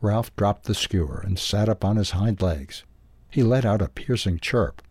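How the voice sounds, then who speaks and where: A man reading a children's animal story aloud for a newsletter's audio edition, in a calm, even way. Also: fairly low pitch, normal speed, slightly rough, no room sound. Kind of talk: storybook narration.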